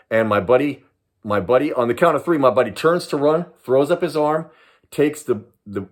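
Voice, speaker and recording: A man in his sixties from Southern California, a retired police sergeant and private investigator, telling a personal story to camera in an animated, dramatic way. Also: medium pitch. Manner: animated, dramatic storyteller who acts out voices and laughs.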